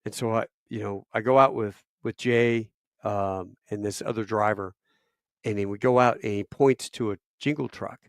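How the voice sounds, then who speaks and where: A man in his fifties, a retired Marine officer guesting on a podcast, telling war stories in a lively, profane, casual way. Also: on the low side, normal speed, dry recording, clean studio sound. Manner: animated, profane storyteller.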